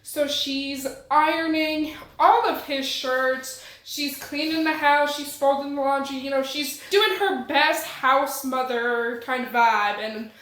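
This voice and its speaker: A woman's voice: high-pitched, steady tone, slow pace, few pauses, fairly bright tone. A woman recapping a thriller novel in a chatty, slangy way with playful asides to the viewer. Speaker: book reviewer. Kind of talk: casual book recap. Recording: roomy echo.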